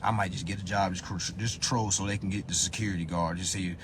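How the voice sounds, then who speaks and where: A man hosting a live phone stream in a profane rant, dropping to low muttering and then bursting into loud, high-pitched shouts. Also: fairly even intonation, quick pace, a little hiss or hum. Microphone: phone on a social live stream.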